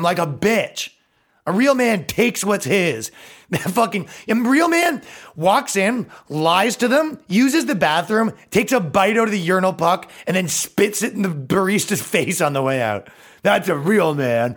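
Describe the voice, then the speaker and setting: Animated, profane man ranting on a podcast. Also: high voice, moderate pace. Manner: profane, mocking, animated with put-on voices. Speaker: podcast host. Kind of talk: comedic podcast rant.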